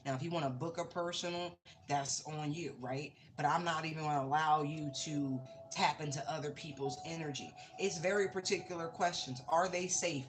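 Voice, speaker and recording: A woman's voice: low voice, fairly even intonation, moderate pace, slight background noise. A woman giving a casual tarot reading, talking bluntly and swearing freely. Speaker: tarot reader. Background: music.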